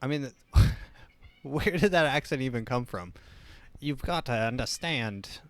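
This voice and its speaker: A man's voice: mid-range voice, fairly bright tone, no room sound. A man hosting a casual solo talk show, rambling with many restarts. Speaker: host.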